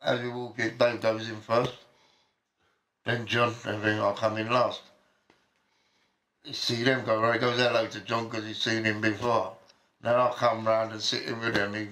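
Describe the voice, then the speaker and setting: A man telling a rowdy anecdote, swearing freely and acting out what everyone said. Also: lowish voice. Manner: profane, animated, acts out quoted voices. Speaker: storyteller. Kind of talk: casual anecdote.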